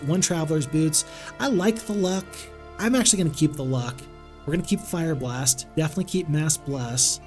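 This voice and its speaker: A man with a slightly higher voice gives cheerful live commentary on a strategy game, talking through his choices and welcoming viewers. Faint music plays softly behind him. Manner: upbeat, thinks aloud while greeting chat. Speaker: game streamer. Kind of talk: live-streamed gameplay commentary.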